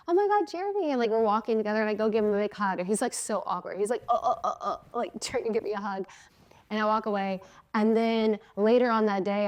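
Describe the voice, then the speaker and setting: A woman's voice: medium pitch, clean tone. A woman in her thirties hosts a podcast and tells a personal story in a casual, chatty voice. She slips into her own past lines as she tells it and laughs between phrases. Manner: laughs often mid-sentence. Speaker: podcast host.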